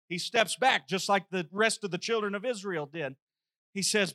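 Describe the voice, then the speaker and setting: A man preaching a sermon, telling a story with lively acted-out dialogue. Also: high voice, moderate pace. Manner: animated storytelling, acting out dialogue.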